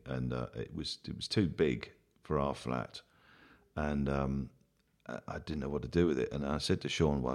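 Very deep-voiced man telling a rambling story. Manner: rambling with many fillers and restarts; laughs through his own story. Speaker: comedian guest. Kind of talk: anecdotal storytelling.

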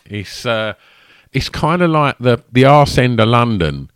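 A man's voice: medium pitch, big pitch swings, a little slow, smooth, dry recording. A man with an Essex accent hosting a podcast, chatting casually and rambling with many fillers and restarts. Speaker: podcast host.

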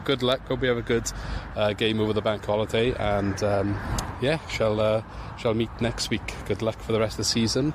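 Low flat-voiced man over street noise. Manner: measured, even-toned match preview. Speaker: guest fan from another podcast. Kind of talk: casual podcast chat.

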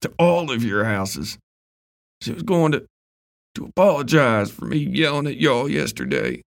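A man voicing a wounded, grieving old man who shouts through tears and gritted teeth. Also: mid-range voice, very animated, unhurried, husky, recorded from a distance, pitched above the performer's own voice, exaggerated voice. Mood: sobbing, anguished.

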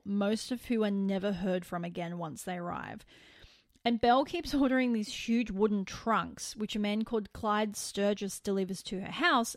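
Brief: woman podcast host, casual true-crime narration, animated asides, dry close mic. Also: mid-range voice, dry recording. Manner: animated storytelling, incredulous asides.

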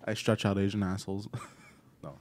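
A man's voice: fairly low pitch, flat delivery, moderate pace, a little mellow. A man in casual comedy podcast banter who rambles and sounds unsure of himself.

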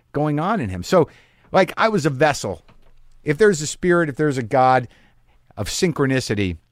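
Male podcast host, wry, self-deprecating, rambling story, dry close sound, mid-pitched voice. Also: dry recording. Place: home garage studio.

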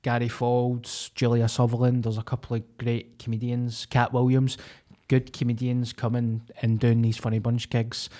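A man's voice: mid-range voice, monotone, normal speed, warm tone. A Scottish man co-hosting a comedy podcast, chatting in a blunt, sweary, jokey way. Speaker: podcast co-host. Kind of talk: casual comedy podcast chat.

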